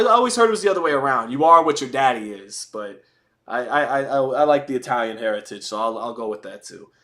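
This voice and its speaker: A man's voice: on the high side, bright, forceful tone. A man hosting a live fight watch party, chatting casually, answering viewer chat and making blunt, profane jokes. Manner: blunt and profane with joking asides. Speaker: livestream host.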